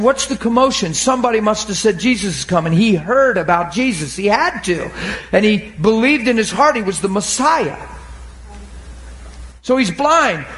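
A man preaching a sermon, acting out the scripture scenes and swinging from shouts to murmurs. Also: very high voice. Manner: animated, acts out scripture voices, laughs and cries.

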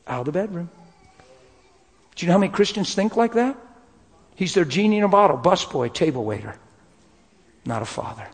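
A middle-aged male pastor telling a personal story in a sermon, his delivery swinging from hushed to loud and emotional. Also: high voice, big pitch swings, a little fast, long pauses, slightly rough. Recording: long hall reverb.

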